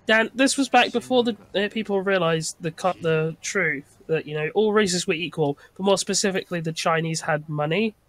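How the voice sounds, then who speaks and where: A man's voice: sits high, normal speed, few pauses, fairly bright tone. A man chatting casually with friends in a dry, sarcastic way. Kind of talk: casual chat.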